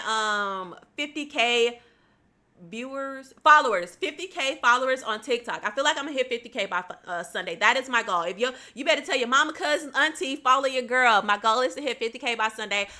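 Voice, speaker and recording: A woman's voice: on the high side, animated, fairly quick, bright, forceful tone. A young woman, chatting casually on a home livestream, laughing often and addressing viewers by name.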